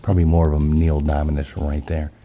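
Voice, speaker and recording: A man's voice: rumbling low, level tone, brisk, mellow, dull audio, soft background music. A man hosting a casual live stream, chatty and loose, swearing casually, his voice scratchy from being sick.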